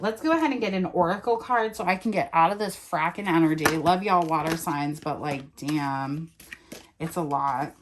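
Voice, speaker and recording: A woman's voice: low voice, background noise. A woman doing a casual tarot reading, chatting and thinking aloud as she turns and reads the cards. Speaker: tarot reader.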